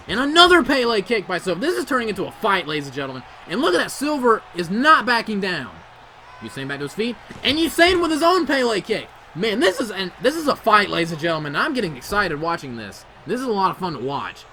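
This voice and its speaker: A young man doing play-by-play commentary over a video game wrestling match, excitable and quick to shout on near-falls. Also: on the high side, a little hiss or hum.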